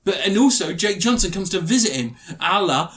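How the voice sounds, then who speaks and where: A man's voice: sits high, animated, a little fast, a bit bright. A man co-hosting a podcast, rambling through a crude, jokey film review and acting out characters in silly voices. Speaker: podcast co-host. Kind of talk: casual comedic film review chat.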